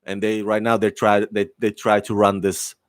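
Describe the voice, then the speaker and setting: A man's voice: on the low side, flat delivery, normal speed, no echo. A man giving a casual spoken review of a TV show, enthusiastic and rambling, with many fillers, restarts and laughs.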